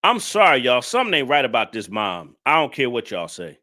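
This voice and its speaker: A man's voice: medium pitch, huge pitch swings, brisk, bright, forceful tone. A man hosting a casual reaction commentary, exasperated and emphatic, talking straight to his viewers. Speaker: channel host reacting to a clip.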